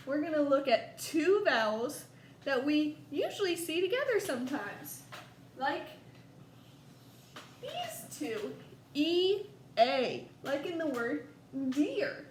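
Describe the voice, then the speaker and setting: A woman with a Southern US accent teaching a first grade lesson, slow and coaxing, stretching words out for young children. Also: high voice, big pitch swings. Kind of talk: recorded distance-learning lesson for young children. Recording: echoey room, faint background noise.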